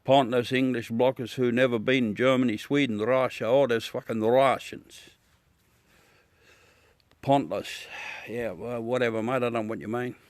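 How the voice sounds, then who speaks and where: A man's voice: medium pitch, steady tone, moderate pace, no echo. A middle-aged Australian man chatting casually and bluntly with viewers on a livestream, swearing and calling everyone mate. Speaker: livestream host. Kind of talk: casual live chat with viewers.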